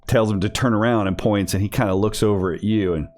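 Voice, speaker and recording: A man's voice: fairly low pitch, steady tone, quick pace, darkish tone, soft background music. A man running a tabletop game over an online call, narrating casually with many fillers and restarts. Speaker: game master.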